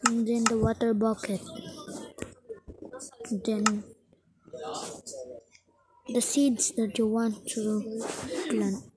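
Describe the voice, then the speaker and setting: Slow, apologetic woman. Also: on the high side, steady tone. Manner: halting and apologetic, step-by-step instructions. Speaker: gaming tutorial maker. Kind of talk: slow game tutorial voice-over. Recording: loud background noise.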